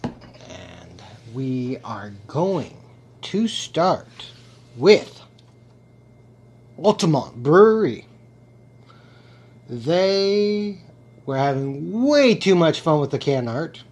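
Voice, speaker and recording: Man, beer tasting vlog host, slightly high voice, unhurried, playful, theatrical. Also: sing-song, darkish tone. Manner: playful, theatrical, savoring each sip aloud. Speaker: beer reviewer. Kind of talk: casual beer tasting review.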